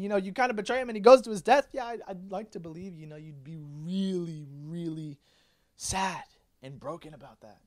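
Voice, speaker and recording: A young man delivers a youth sermon with a slightly higher-than-usual voice. His talk is casual and animated, loose with fillers and restarts, and he acts out the lines of the people he talks about. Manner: casual, animated preaching with many fillers and acted-out quotes. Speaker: youth pastor.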